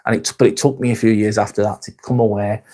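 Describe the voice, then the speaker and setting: A man's voice: on the low side, flat delivery, fast talker, warm tone. A man in his forties hosting a live vlog, chatting casually and candidly, rambling and swearing a lot. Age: 40s. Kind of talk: casual live-stream chat.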